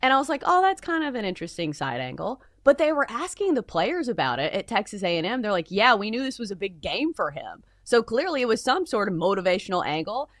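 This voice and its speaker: A woman's voice: mid-range voice, sing-song, fast, few pauses, fairly bright tone, no room sound, clean studio sound. A woman co-hosting a sports talk show, giving opinions in a casual way with lots of "like" fillers. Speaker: sports betting show co-host.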